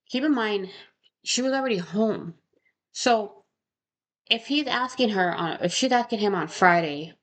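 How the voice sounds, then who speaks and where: A woman's voice: fairly low pitch, expressive, unhurried, gravelly, pauses often, fairly bright tone. A young woman casually talking through a true crime case, rambling and correcting herself, with frequent rhetorical questions. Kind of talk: casual chat.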